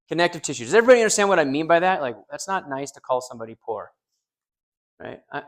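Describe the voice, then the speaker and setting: A man lecturing a small university class, joking and quizzing students, with frequent restarts. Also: fairly high pitch. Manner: joking, asks the class questions, repeats students' answers; frequent restarts and fillers, loose conversational delivery.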